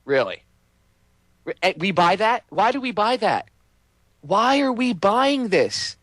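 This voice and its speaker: A high-voiced man, hosting his own show, delivers a heated political rant and pounds listeners with repeated rhetorical questions. His slightly bright voice sounds close and dry, with no room around it.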